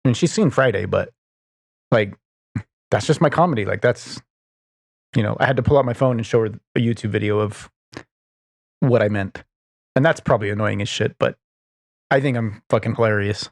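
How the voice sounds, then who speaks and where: Low-voiced guy rambling on his podcast, cusses a lot, says like constantly, dry sound. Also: a little fast, vocal fry, pauses often, dry recording. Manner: rambling and profane, heavy on "like" and "you know". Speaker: podcast host. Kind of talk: casual solo chat.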